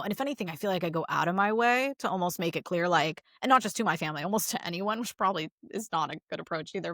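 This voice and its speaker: A woman's voice: fairly low pitch, quick pace, a bit bright, no room sound, studio quality. A woman therapist co-hosting a podcast in casual chat, talking bluntly and animatedly, acting out quoted voices.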